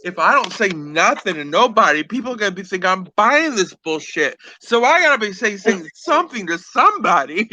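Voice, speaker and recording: Host, male, high bright voice, sassy gossip chat, theatrical asides. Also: sing-song, brisk, few pauses, slight background noise, poor audio. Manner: sassy, theatrical, calls people girl and honey.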